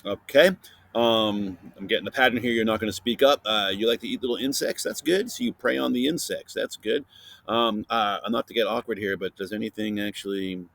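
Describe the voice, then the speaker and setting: A man hosting a casual science podcast for kids, playfully interviewing a silent guest and filling pauses with chatter. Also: fairly low pitch, gravelly, fairly bright tone. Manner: chatty with many fillers. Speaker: podcast host.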